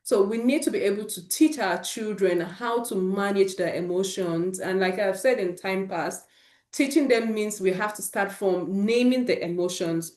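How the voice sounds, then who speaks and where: A woman at an ordinary mid pitch gives an informal talk to parents, earnest and encouraging as she shares stories from her own home. Her voice rings a little in a roomy, echoey space. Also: normal speed, darkish tone. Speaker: host of a parent support session.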